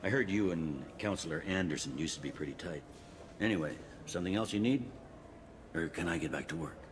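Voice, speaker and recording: An actor playing a blunt, pragmatic male police captain in a video game, talking in a gruff, matter-of-fact way. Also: sits low, fairly quick, background noise, close to an everyday voice.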